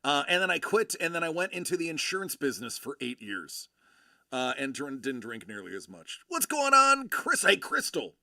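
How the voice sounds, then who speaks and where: A man's voice: on the high side, wildly swooping pitch, normal speed, bright, forceful tone, no echo, clean studio sound. A man in his forties from Buffalo, New York, hosting a live show and telling rambling stories with lots of fillers and restarts. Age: 40s. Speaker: host of a collectibles live show. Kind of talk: casual live-stream chat.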